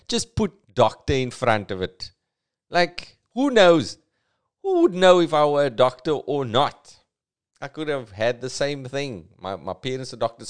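A man in his forties from South Africa with a Cape Town accent. He hosts a comedy podcast as a playful solo monologue, with big comic jumps in pitch and low, thoughtful stretches. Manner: drifts into a low, quiet, thoughtful tone.

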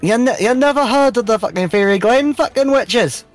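A man playing a rowdy Scottish lad, foul-mouthed, high voice, faint music behind. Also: lively intonation, moderate pace. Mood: brash. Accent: put-on Scottish. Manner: swears constantly, brash. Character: foul-mouthed rowdy male wedding guest.

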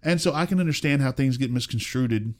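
A man's voice: medium pitch, brisk. Earnest storytelling pastor in his forties. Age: 40s. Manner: earnest storytelling, acts out quoted voices. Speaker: senior pastor. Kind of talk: casual interview conversation.

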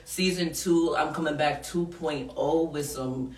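A woman's voice: deep voice, fairly even intonation, a little slow, darkish tone, echoey room, far from the mic. A woman hosting a podcast in a studio, talking casually and frankly, laughing often and swearing freely. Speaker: podcast host.

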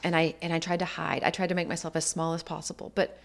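A woman with a slightly low voice and a noticeable gravelly rasp tells a personal story. She speaks in an earnest, reflective way and voices the others in her story as she goes. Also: flat delivery, fast talker. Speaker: guest telling her life story.

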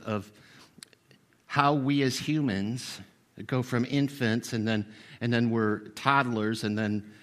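A man's voice: mid-range voice, fairly bright tone. Older male pastor, sixties, casual storytelling sermon, self-deprecating, chatty with fillers. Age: 60s. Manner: conversational, self-deprecating, with many fillers and restarts.

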